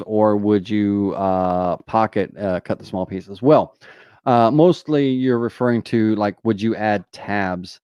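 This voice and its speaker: A man's voice: on the low side, smooth, no room sound, highs cut off. A man with a Southern US accent hosting a live question-and-answer tutorial, talking casually with many fillers like "uh" and "you know". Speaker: host answering viewer questions.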